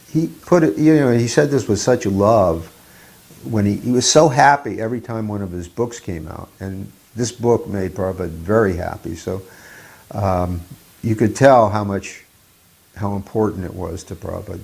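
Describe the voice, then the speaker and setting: An older man sharing memories as a devotee, reflective and halting, often restarting his phrases. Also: fairly low pitch, a little mellow. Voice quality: gravelly, husky. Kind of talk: reminiscing talk.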